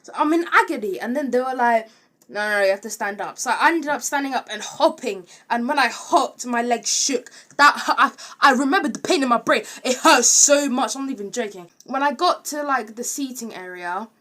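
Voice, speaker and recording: Chatty young woman, slightly high. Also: fairly quick, hardly any pauses. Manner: chatty, rambling, animated with filler words. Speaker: vlogger. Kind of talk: casual storytime.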